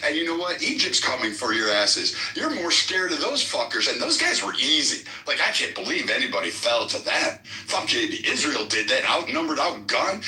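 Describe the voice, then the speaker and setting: A man's voice: medium pitch, animated, moderate pace, hardly any pauses, bright, forceful tone. A man taunting and ranting aggressively, full of profanity, in a heated online debate. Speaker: livestream debater. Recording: echoey room, distant mic.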